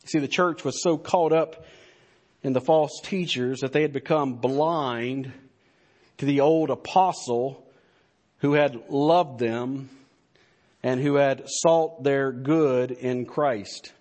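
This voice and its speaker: A man's voice: mid-range voice, slow, darkish tone. A man preaching a sermon as pastor, earnest and emphatic, building points through repetition.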